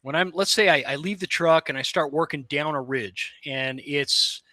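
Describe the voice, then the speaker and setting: A man's voice: a little high, normal speed, sharp tone, dry recording. A man hosting a podcast in casual conversation, joking and self-deprecating. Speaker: podcast host.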